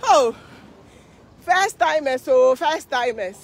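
A woman's voice: high-pitched, animated, slow, creaky. A Ghanaian woman vlogging live while walking along a street parade, tired from the walk, chatty and exclaiming. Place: outdoor city street at a parade.

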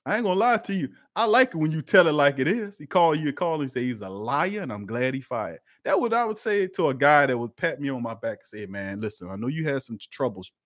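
A man, hosting a live-streamed sports talk show and chatting with his viewers, swinging between loud outbursts and quiet asides. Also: a little high, fast, few pauses, no room sound, clean studio sound. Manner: lively and conversational, talks to chat, swings from loud to quiet.

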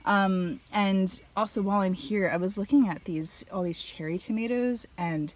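A woman talking casually to the camera about her garden while out in it, chatty and excitable, with plenty of fillers. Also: medium pitch, normal speed, few pauses. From United States. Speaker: gardening vlogger. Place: outdoors in a home garden.

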